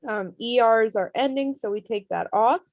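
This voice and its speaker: A woman teaches an online class over a computer mic, walking students through each step with patience and frequent ums. Her voice has a slightly gravelly edge, and the sound is dry and close. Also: a little high, moderate pace, a little mellow, dry recording, highs cut off. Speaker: Spanish teacher.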